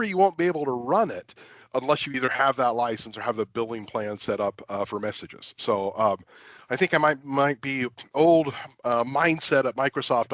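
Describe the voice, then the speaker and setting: A man's voice: medium pitch, a bit bright, no room sound. A man presenting a technical webinar in a chatty, self-deprecating way, with lots of fillers and restarts. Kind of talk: casual technical webinar talk.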